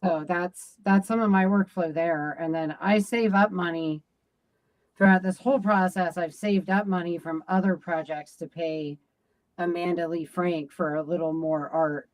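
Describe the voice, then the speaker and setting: A woman's voice: on the low side, fairly even intonation, measured pace, a little mellow, poor audio. A woman being interviewed as a game designer, talking casually with many fillers and restarts.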